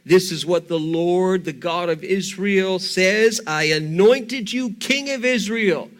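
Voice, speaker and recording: A stern prophet confronts a guilty king with slow, heavy emphasis, as a preacher acts him. Each accusation lands forcefully, in a high man's voice. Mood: accusing.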